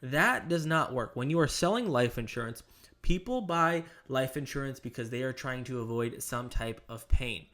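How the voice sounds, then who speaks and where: A man's voice: medium pitch, expressive, normal speed, a bit bright. A man hosting his channel, coaching salespeople in a direct, emphatic, motivational way. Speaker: sales trainer and channel host. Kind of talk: coaching monologue to camera.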